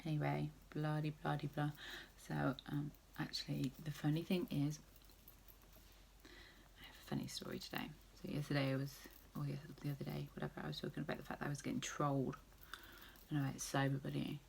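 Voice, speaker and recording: A woman's voice: sits low, flat delivery, a little fast, creaky, slight background noise. A woman vlogger chatting casually through a makeup tutorial, rambling with jokey asides.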